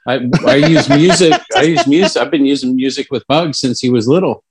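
A man's voice: mid-range voice, fairly quick, slightly rough. A man co-hosting a podcast, chatting in an easygoing way and laughing along as he gives parenting advice. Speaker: podcast co-host. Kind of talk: casual chat.

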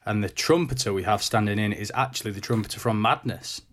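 A man's voice: fairly low pitch, fast talker, a little hiss or hum. A man talking enthusiastically and casually about an upcoming cricket test. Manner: upbeat, enthusiastic. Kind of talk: casual podcast chat.

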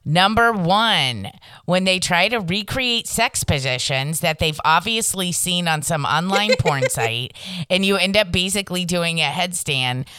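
A brash, profane woman co-hosting a casual podcast, laughing often. Her voice is bright and crisp, and her pitch swings widely. The sound is dry and close. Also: animated, measured pace, no room sound. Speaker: podcast co-host. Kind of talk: casual chat.

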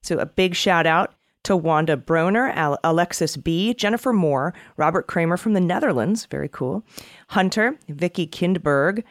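A woman's voice: lowish voice, lively intonation, moderate pace, dry recording, clean studio sound. A woman co-hosting a political podcast, chatty and sarcastic, often laughing as she talks. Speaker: podcast co-host. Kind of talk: casual political podcast chat.

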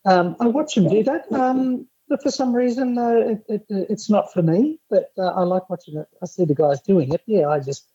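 Husky man on a dull lo-fi line. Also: high-pitched, moderate pace, hardly any pauses, no room sound. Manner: lively anecdotal storyteller. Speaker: podcast guest. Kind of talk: casual chat.

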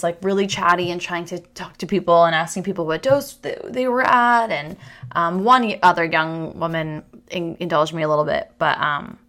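Chatty, bright-voiced woman podcast host. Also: lowish voice. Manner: chatty, rambling, self-deprecating, with restarts and quick laughs. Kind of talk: casual chat monologue.

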